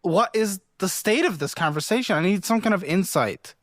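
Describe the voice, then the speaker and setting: A man's voice: sits high, lively intonation, normal speed, a bit bright, no echo, clean studio sound. A man hosting a show that gives financial advice, grilling a guest bluntly with exasperated insults. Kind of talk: confrontational interview.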